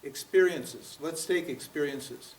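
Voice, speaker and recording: A man's voice: on the high side, slow pace. A man in his seventies giving a spiritual seminar lecture, pressing his listeners with rhetorical questions and frequent "huh?" and "what?". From United States. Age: 70s. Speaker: spiritual teacher. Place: seminar room at a yoga center. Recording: roomy, from far off.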